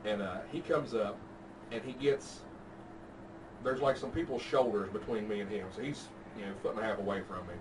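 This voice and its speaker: A man's voice: fairly low pitch, brisk. Laid-back, foul-mouthed man. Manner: laid-back, profane storytelling. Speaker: podcast host telling a story. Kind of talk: casual chat. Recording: distant mic with background noise.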